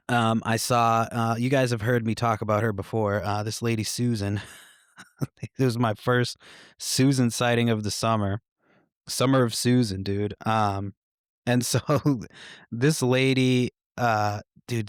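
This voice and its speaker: A man's voice: fairly low pitch, smooth, no room sound, clean studio sound. A man hosting a podcast, telling stories in a casual, rambling way, swearing freely and chuckling often. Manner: profane, laid-back, with frequent fillers and chuckles. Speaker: podcast host.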